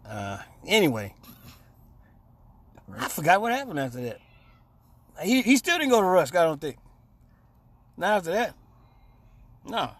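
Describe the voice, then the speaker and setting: A man's voice: high-pitched, big pitch swings, unhurried, long pauses, fairly bright tone, no room sound. A man on a radio talk show telling a rambling, profane story and acting out the quotes. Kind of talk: casual storytelling chat.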